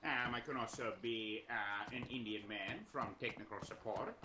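A man talking casually over a gaming voice chat, relaxed and hesitant. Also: lowish voice, normal speed, roomy sound. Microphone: headset over voice chat. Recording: loud hiss over voice chat.

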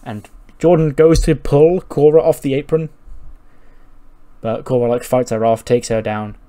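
A man narrating a wrestling management game in a loose, chatty way. He swears freely and slips into the characters' voices as he goes. His pitch sits in the middle. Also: level tone, unhurried, mellow. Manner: casual, swears, acts out characters. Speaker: game commentator. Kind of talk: narrating a wrestling sim playthrough.

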